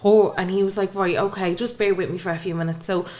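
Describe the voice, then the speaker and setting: Fast-talking young Irish woman. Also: mid-range voice, fairly even intonation, darkish tone. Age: young adult. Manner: recounts events by acting out quoted dialogue. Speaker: podcast guest. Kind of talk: emotional personal storytelling in conversation.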